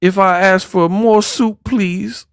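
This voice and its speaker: A man voicing a needy, clingy young woman in a high, whiny mocking falsetto. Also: steady tone, slow, clean tone, no room sound, studio quality.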